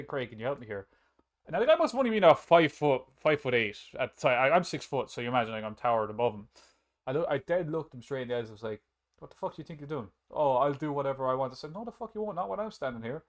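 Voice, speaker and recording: A young man co-hosting a podcast, telling stories in a blunt, animated way and swearing often. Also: mid-range voice. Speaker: podcast co-host. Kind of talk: casual chat, storytelling.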